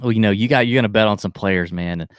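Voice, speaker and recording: Brief: male co-host, casual betting chat, goofy, energetic, smooth clean voice, dry close mic. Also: on the low side, fast, dry recording. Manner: loud, playful, hams up a mock Aussie cheer. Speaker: podcast co-host.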